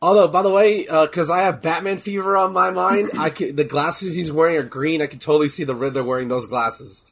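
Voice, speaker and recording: A man co-hosting a casual chat, excitable and swearing freely, his voice cracking from being sick. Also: fairly high pitch, fairly quick, hardly any pauses, slightly rough. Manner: excitable, swears, laughs often. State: voice cracking from illness. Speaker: podcast co-host.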